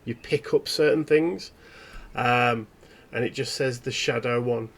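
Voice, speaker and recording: A man running a tabletop horror game as game master, describing scenes in a relaxed, meandering way. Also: mid-range voice, measured pace, vocal fry.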